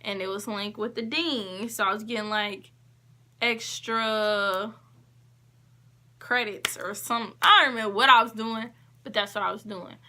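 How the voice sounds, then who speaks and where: A woman vlogger telling a story in a casual, emphatic way, acting out what people said and shifting between quick and drawn-out phrases. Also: medium pitch. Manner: emphatic, animated retelling with quoted dialogue.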